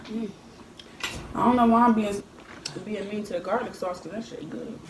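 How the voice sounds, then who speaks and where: A woman's voice: mid-range voice, fairly even intonation, moderate pace. A young woman vlogger, chatting casually while eating and talking to her baby son. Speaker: mukbang vlogger. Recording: echoey room with background noise.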